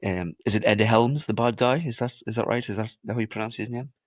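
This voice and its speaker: A man's voice: on the low side, fairly even intonation, brisk, no echo, studio quality. A man co-hosting a podcast, telling movie stories with sweary enthusiasm in casual chat. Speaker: podcast co-host.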